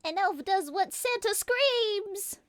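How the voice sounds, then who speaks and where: A woman's voice: very high voice, lively intonation, takes it slowly, no echo, studio quality, pitched above the performer's own voice, heavily acted. A woman voicing a hapless, eager little male elf in a comic storybook reading. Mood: squeaky.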